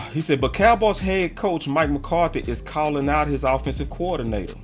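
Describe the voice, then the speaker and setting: A man's voice: on the high side, lively intonation, moderate pace, faint music behind. A man hosting a livestream sports commentary show, talking in a heated, emphatic way full of slang.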